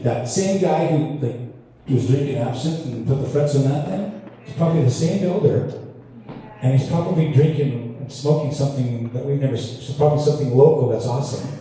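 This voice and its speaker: A Canadian guitarist tells self-deprecating stories between songs on stage in a large hall, his delivery easy and laughing. His dark, mellow mid-range voice has lively intonation and a moderate pace, picked up by a distant mic with long echoey reverb and faint ambience.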